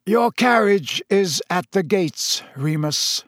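A man doing a gentle old headmaster, slow and soft. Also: high-pitched, animated, dry recording, clean studio sound, pitched above the performer's own voice, exaggerated voice. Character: old wise male headmaster, calm and gentle.

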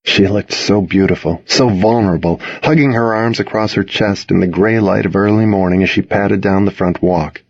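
A man with a low, husky voice narrates a novel in the first person, unhurried and close. The sound is dry with no room around it, and the recording is a little dull and lo-fi. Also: no room sound. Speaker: audiobook narrator.

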